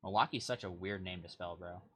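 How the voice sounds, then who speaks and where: This young man's voice is low, a bit fast and sharp as he casually casts an online car soccer game live from home on a desk mic and face cam. He calls plays between chatty, self-deprecating asides.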